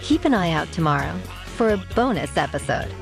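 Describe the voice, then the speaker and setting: A woman's voice: deep voice, big pitch swings, brisk, creaky, music in the background. A woman hosting a podcast, reading scripted news and signing off in an upbeat, chatty way. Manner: upbeat, chatty sign-offs. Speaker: podcast host.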